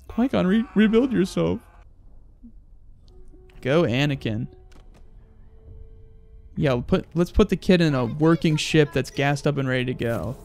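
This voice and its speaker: A young man giving loud, crude, excitable commentary while playing a video game. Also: on the high side, gravelly. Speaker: gaming YouTuber. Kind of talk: let's play commentary.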